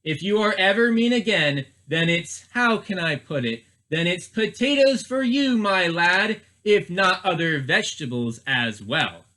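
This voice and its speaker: A man's voice: high-pitched, sing-song, measured pace, few pauses, bright, forceful tone, full character voice. A man voicing a stern, long-winded old male wizard in a children's storybook reading. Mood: stern, wordy.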